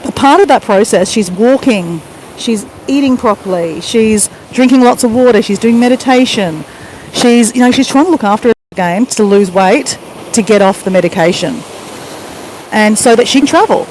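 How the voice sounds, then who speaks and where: A woman's voice: fairly high pitch, normal speed, darkish tone. A woman with an Australian accent chatting casually to a live-stream audience as she walks along a beach. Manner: chatty, talking while walking on a beach. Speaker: vlogger. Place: beach at high tide, outdoors. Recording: noisy outdoor phone audio. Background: wind and surf.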